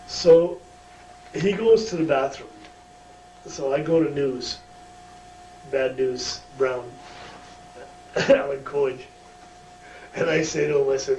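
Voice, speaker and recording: A man's voice: medium pitch, takes it slowly, long pauses, a little mellow. A man, a former wrestler, telling a backstage story in a shoot interview, profane and chuckling. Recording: roomy distant mic, faint hum.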